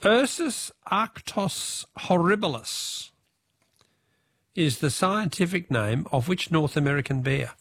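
An Australian man hosting a radio quiz, reading questions and taking callers briskly. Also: fairly high pitch, expressive, a bit bright, husky, dry recording, clean studio sound.

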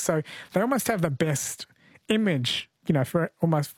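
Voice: medium pitch, no room sound. A radio host chatting with a caller, conversational and thinking aloud as they go. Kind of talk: radio talk show interview.

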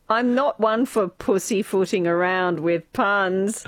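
A woman's voice: mid-range voice, measured pace, no room sound. A woman in her forties co-hosting a radio show, chatting playfully and reading listener messages. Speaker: radio co-host. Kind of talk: casual chat.

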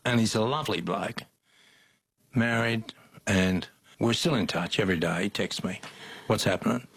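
Older Aussie bloke, slightly low and husky, spins yarns with a chuckle. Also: male voice, moderate pace, fairly bright tone. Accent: Australian. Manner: folksy yarn-spinning, chuckles often. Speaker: interview guest. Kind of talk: casual storytelling.

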